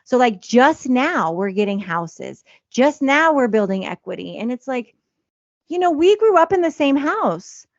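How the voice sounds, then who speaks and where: A woman's voice: high-pitched, big pitch swings, measured pace, no echo, muffled recording. A woman in her thirties, talking in a casual, confessional podcast chat. She speaks with feeling and uses many fillers. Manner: emotional, confessional, many fillers like "you know". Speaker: podcast co-host.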